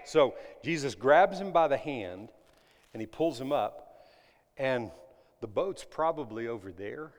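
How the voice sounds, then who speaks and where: A man preaching a sermon to his congregation, swinging between loud emphatic lines and hushed ones and asking them questions. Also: medium pitch, animated, unhurried. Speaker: pastor. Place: church sanctuary. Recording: long reverb of a large hall.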